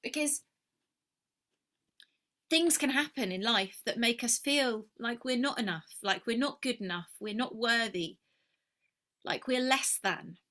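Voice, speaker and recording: In a reflective personal video, a spiritual mentor muses emotionally, heartfelt and earnest, at times dropping almost to a whisper. Her voice sits on the high side, pushed and bright, and she speaks a little slowly with long pauses.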